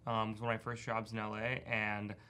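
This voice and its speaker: A man co-hosting a studio panel show, talking casually in a teasing, animated way with many restarts. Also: lowish voice, quick pace, background noise. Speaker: co-host.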